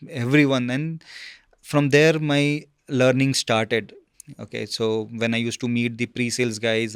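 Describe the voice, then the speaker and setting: A man, a guest telling his career story in a casual interview, halting with many fillers and "okay?" check-ins. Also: medium pitch, smooth, dry recording, studio quality.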